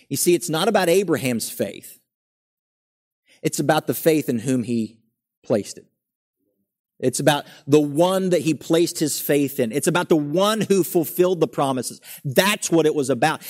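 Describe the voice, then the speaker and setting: A young adult man preaching a sermon, earnest and emphatic, building up his lines and then dropping to a quiet, settled tone. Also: fairly high pitch.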